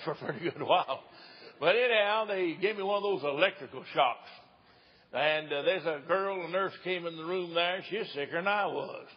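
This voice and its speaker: A man's voice: fairly high pitch, husky. Brief: man in his 60s, East Tennessee evangelist, folksy joking sermon, dull old tape sound. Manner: folksy, jokey, laughs often. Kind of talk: humorous sermon storytelling. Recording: dull lo-fi recording.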